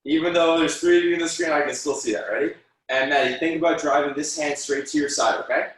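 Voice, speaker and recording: A man's voice: a little high, fairly even intonation, quick pace, far from the mic. A man teaching a taekwondo class over a video call, counting out moves and correcting students by name in an encouraging way. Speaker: taekwondo instructor. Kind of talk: online martial arts class instruction. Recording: very echoey room, voice from off the mic.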